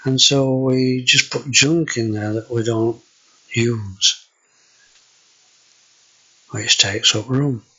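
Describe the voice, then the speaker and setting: A man's voice: medium pitch, fairly even intonation, bright, forceful tone, husky, rough recording. An older man with a Yorkshire accent, hesitantly walking viewers through his kitchen in a casual home video. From Yorkshire, England. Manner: slow, hesitant, with many fillers. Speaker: vlogger.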